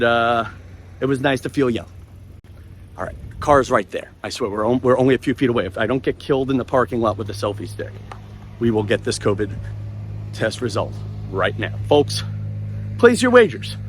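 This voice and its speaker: Strolling outdoors on a beach with his phone in hand, a man in his forties who hosts a podcast jokes and rambles in a lively walking-vlog monologue. His pitch is medium, with slight hiss or hum on the audio.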